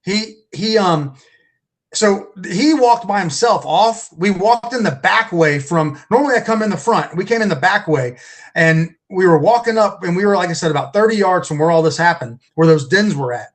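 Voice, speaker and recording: High-voiced man telling a rambling story. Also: animated, moderate pace. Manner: rambling, repeats and restarts words. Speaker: podcast guest, Bigfoot researcher. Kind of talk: casual storytelling.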